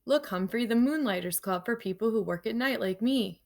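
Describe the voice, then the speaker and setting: A woman reading aloud and lightly voicing a friendly adult male night custodian, her delivery a little higher and louder than her narration, with a gravelly edge. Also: moderate pace, lightly acted. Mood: curious.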